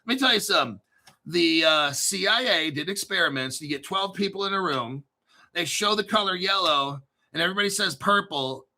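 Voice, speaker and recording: Brash, bright-voiced man ranting. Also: sits high, animated, brisk. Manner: profane, combative, boastful ranting; frequent throat clearing. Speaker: crypto channel host. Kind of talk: ranting solo commentary.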